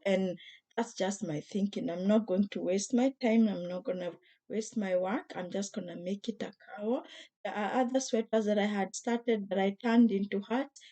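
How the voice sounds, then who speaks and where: A woman with a hoarse, mellow tone talks her viewers through a craft project. She speaks gently and chattily, pausing often and restarting her sentences. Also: medium pitch. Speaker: crochet vlogger. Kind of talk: casual craft tutorial.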